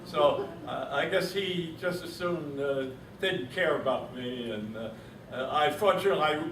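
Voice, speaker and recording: A man's voice: on the high side, unhurried, fairly bright tone. A man in his eighties, a veteran telling a war story to an audience at a reunion with a wry, chuckling manner. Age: 80s. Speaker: veteran speaker. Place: reunion event room. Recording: roomy echo, distant mic, faint noise.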